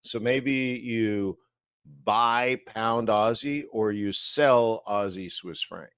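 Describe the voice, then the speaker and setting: A man teaching trading live, walking through price charts slowly, thinking aloud with fillers and asides. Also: on the low side, a bit bright, clear, resonant tone, no echo, clean studio sound. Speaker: trading educator.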